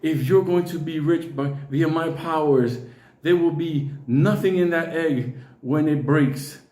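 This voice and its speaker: A smooth middle-aged swindler posing as a mystic, as a man puts him on, slow and grave, each word laid out to persuade, in a roomy, echoing space. He sounds calm and sure of his powers. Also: a little high, lightly acted. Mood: solemn.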